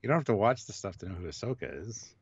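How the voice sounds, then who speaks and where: A man co-hosting a casual chat show with a dry, deadpan manner. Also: lowish voice, fast talker, crowd noise. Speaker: podcast co-host. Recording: dull lo-fi sound.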